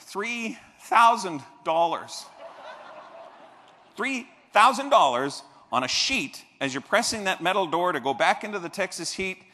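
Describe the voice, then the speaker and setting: A man's voice: high voice, measured pace, slight background noise. A man giving a motivational keynote on a convention stage, telling stories and acting out the people in them. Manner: animated, acts out quoted voices. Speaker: keynote speaker. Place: large convention hall stage. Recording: reverberant convention hall.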